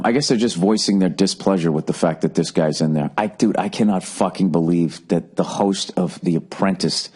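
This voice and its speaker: A man with a low voice and a Boston accent rants his way through a casual solo monologue. He swears constantly and sounds exasperated, rambling from one gripe to the next. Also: a little mellow, breathy edge. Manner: profane, ranting, exasperated. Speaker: podcast host.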